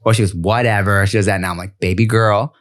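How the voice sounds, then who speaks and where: A man's voice: on the low side, fast talker. A man hosting a podcast in casual chat, telling stories and acting out the dialogue in them. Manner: animated storyteller acting out dialogue. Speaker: podcast host.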